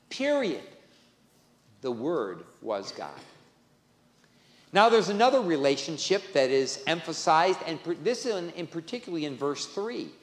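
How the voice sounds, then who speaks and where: A male pastor preaching a sermon, stressing key phrases by repeating them. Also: on the high side. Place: church sanctuary. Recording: echoey church with long reverb.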